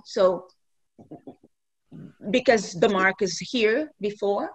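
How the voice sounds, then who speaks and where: A woman's voice: mid-range voice, expressive, extremely slow, long pauses, sharp tone, low-quality recording. A woman student asking a tentative question in an online class over a video call.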